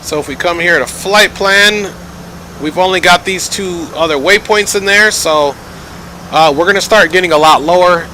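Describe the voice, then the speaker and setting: A man's voice: sits high, moderate pace, pushed and bright, a little hiss or hum, poor audio. A man giving chatty live commentary while streaming a flight simulator, joking and thanking viewers as he goes.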